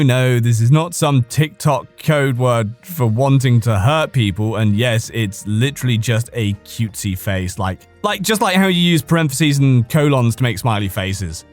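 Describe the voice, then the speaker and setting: A man reading posts aloud for his podcast in a loose, casual way, his voice slightly high and very lively in pitch. He sometimes cracks up or trips over a word and carries on. Faint music plays behind him. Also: normal speed, no echo. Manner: reads casually, breaks into laughter and stumbles over words. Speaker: podcast host reading stories. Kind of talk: casual read-aloud narration of online posts.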